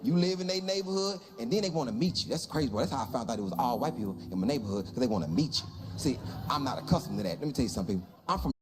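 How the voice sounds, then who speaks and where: A man's voice: mid-range voice, very fast. A man performing stand-up comedy, telling a story and acting out the people in it in exaggerated voices. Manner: animated, acts out dialogue in exaggerated voices.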